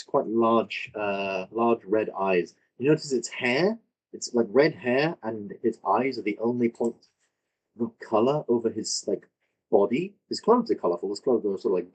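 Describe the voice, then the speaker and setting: A man running a tabletop game, describing the scene at an easy, slow pace. His voice sits low. He fills gaps with "uh" and "like" and rephrases as he goes. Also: a little mellow, poor audio. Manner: descriptive, many fillers and self-corrections. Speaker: game master. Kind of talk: improvised tabletop narration.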